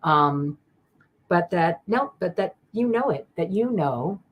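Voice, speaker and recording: Reading tarot live for her viewers, a woman speaks in a lowish, slightly rough voice at a slow pace with lively intonation. She's affectionate and rambling, laughing often and getting emotional.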